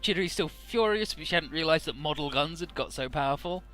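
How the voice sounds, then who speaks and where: A man's voice: fairly high pitch, animated, brisk, fairly bright tone, soft background music. A man casually recapping a game's story in an offhand, profane, amused way, with frequent "uh"s.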